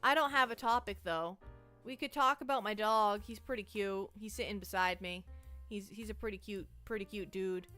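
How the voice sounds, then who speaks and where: Brief: jittery woman streamer, bright high voice, faint music behind. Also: normal speed. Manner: nervous, rambling, self-interrupting. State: anxious and shaky. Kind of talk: casual live-stream chat.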